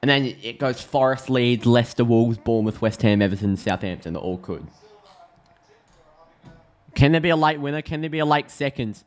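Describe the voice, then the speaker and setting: Aussie guy reacting live to the footy, chatty and excitable, mid-range voice. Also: mid-range voice, normal speed. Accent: Australian. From Australia. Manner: chatty, excitable, thinks aloud with restarts. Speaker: football streamer.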